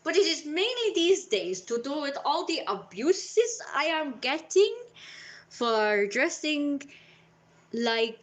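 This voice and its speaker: A woman's voice: high voice, very animated, slow pace. A woman live streaming in a playful, theatrical persona, slipping in and out of put-on accents and dropping into whispered asides.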